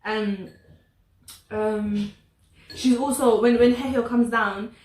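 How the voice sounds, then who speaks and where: A woman chatting casually about a drama, animated and laughing as she acts out quotes. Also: a little high, slow pace. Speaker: co-host. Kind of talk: casual chat reviewing a drama. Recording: echoey room, a bit far from the mic.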